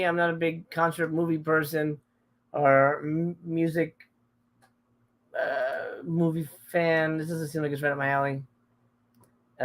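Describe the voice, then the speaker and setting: A man's voice: a little high, fairly bright tone. A middle-aged man hosting a live stream in casual chat, reading out viewer comments. He talks candidly and emotionally, swears often, and trails off and restarts his sentences.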